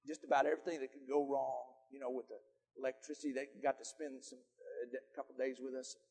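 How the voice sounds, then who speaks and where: An older man, a grandfather, preaching a folksy sermon with stories, swinging from loud emphatic lines to soft quiet ones. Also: mid-range voice, little pitch movement, fairly quick, creaky, slightly rough, big-room sound. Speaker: pastor.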